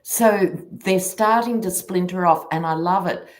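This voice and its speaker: A woman's voice: fairly low pitch, unhurried. A woman from Australia in a casual political chat on a video call, blunt and mocking.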